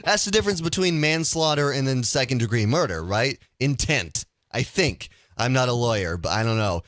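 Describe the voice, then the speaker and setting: A man's voice: medium pitch, moderate pace, no echo, studio quality. A man hosting a casual call-in radio show, ranting with energy and stumbling over his words. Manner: animated, ranting, stumbles and restarts.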